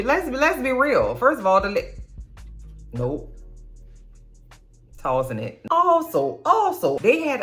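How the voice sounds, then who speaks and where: A woman with a low, deep speaking voice rants through a casual TV episode recap. She talks bluntly and swears freely, and jumps high in pitch to stress her points. Soft music plays faintly underneath. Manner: blunt, profane, chatty commentary; expressive, swoops high for emphasis. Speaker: TV recap vlogger.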